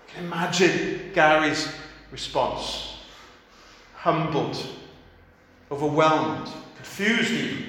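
A man preaching a sermon, telling a story and acting out the quoted voices softly. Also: fairly high pitch, animated, takes it slowly. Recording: echoey hall.

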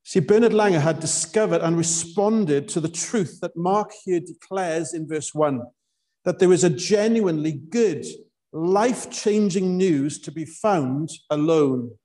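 A man delivering a sermon in an unhurried, measured way, leaning on key words with long pauses. His voice is slightly higher than most men's but mellow and warm. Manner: slow, emphatic preaching with dramatic pauses. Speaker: preacher.

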